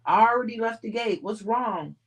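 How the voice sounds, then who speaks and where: A woman's voice: a little high, expressive, moderate pace, pitched above the performer's own voice. A woman reading a novel aloud voices a shocked, angry male music executive, raising her voice in urgent questions. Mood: worried.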